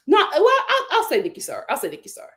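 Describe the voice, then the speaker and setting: Woman with a high bouncy voice, reading super chats, laughing a lot and getting loud. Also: quick pace. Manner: animated, laughs often, loud outbursts. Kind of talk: casual livestream chat.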